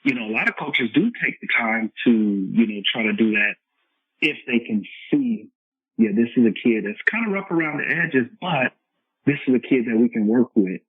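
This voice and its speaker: A man speaking as a coach on a podcast, explaining his points earnestly and circling back to repeat them. His voice is husky and dry. It comes through a narrow, tinny phone-like line. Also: medium pitch, lively intonation, moderate pace, no echo. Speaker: football coach, guest. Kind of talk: conversational podcast interview.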